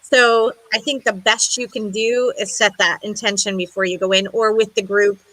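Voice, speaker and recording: Bright-voiced woman explaining earnestly. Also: medium pitch, steady tone, normal speed, rough recording. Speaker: guest paranormal investigator. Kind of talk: casual podcast chat.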